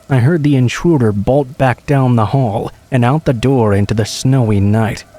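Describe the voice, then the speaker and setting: A man calmly reading true horror stories aloud as a scripted narration. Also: mid-range voice.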